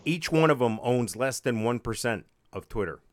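A man's voice: mid-range voice, expressive, moderate pace. Man, podcast co-host, casual chat, wry jokes, rambling. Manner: joking, wry, rambling with restarts.

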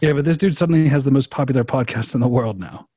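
A man's voice: medium pitch, fast talker, dark tone, dry recording, studio quality. A man playing in a casual trivia game who teases and jokes with the others and throws in mock outrage. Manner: teasing, joking, mock outrage. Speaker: quiz player. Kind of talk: casual banter.

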